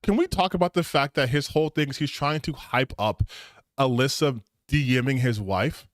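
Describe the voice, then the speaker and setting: A man's voice: mid-range voice, normal speed, no room sound, studio quality. A man hosting a gaming channel, giving heated, sarcastic, profane reaction commentary on a video.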